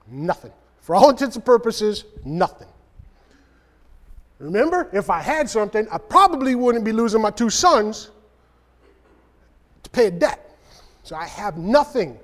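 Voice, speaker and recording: A man's voice: high-pitched, very animated, a little slow, pauses often. A man preaching a conversational sermon, reading scripture and acting out the quoted voices. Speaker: speaker. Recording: long hall reverb.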